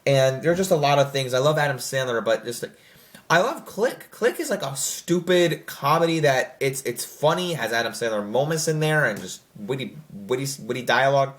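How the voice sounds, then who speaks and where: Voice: medium pitch, animated, a little fast. A young adult film reviewer in casual, rambling commentary, full of fillers and self-corrections, who slips into mocking quoted voices.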